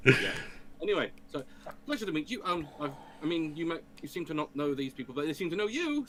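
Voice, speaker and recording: A man playing a tabletop game, excitable and laughing often. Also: on the high side, fast talker, a little hiss or hum. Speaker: player.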